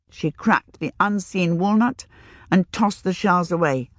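A woman reading a novel aloud in a calm, measured storytelling manner. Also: on the low side, no echo. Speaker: narrator. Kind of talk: audiobook narration.

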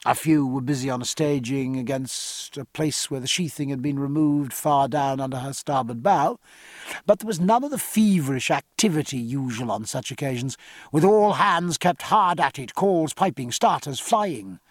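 Husky, lively male audiobook narrator. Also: mid-range voice, no room sound, studio quality. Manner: measured, expressive storytelling. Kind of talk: scripted narration of a historical sea novel.

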